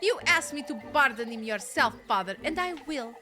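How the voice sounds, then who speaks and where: Woman reading a defiant young maid, lively pitch. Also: moderate pace. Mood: indignant. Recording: game music playing behind.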